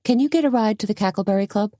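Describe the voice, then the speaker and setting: A woman reading an audiobook, voicing a brisk café owner with a dry, sarcastic manner. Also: mid-range voice, dark tone, no room sound, pitched above the performer's own voice, lightly acted. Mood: wry.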